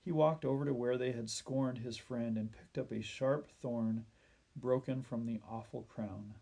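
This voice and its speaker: Man gently reading a children's story. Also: medium pitch, fairly even intonation, a little slow, vocal fry.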